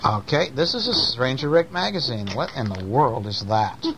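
At home, a father reads bedtime stories to his child in a playful, animated, chatty way, pausing to talk with the kid. His voice sits in the mid-range at a moderate pace, with a noisy background.

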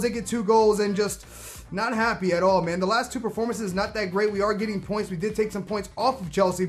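A young man hosting a let's-play of a football video game, reacting loudly and excitably to the match and chatting casually. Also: high voice. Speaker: gaming video host.

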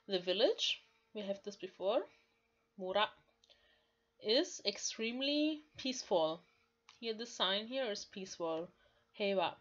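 A woman's voice: medium pitch, lively intonation, a bit bright, muffled recording. A woman, carefully explaining Japanese lines from a manga as a language learner, often saying "like". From Germany. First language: German. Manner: slow, careful explaining with frequent "like".

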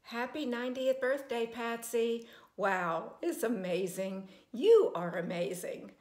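A woman's voice: fairly high pitch, slow pace, a little mellow. A woman recording a heartfelt, emotional birthday message to a dear friend. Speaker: close friend giving birthday wishes. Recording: echoey room.

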